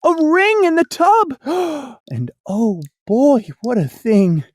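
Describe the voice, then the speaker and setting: Sing-song storybook reader, slow and bouncy, super dry close mic. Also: sits high, lively intonation, dry recording. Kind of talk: storybook read-aloud.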